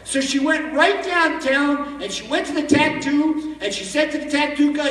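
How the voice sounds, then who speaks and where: A man giving an animated storytelling sermon as a rabbi at a conference, recorded from far off in a large echoey hall. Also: very high voice, normal speed, hardly any pauses. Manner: animated, acts out the story in voices.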